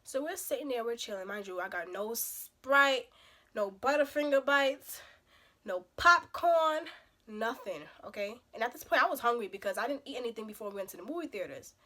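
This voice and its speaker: A young woman with a slightly hoarse voice from a cold, telling a dating story as a casual storytime vlog with emphatic, animated outbursts. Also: on the high side, fairly quick. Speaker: vlogger.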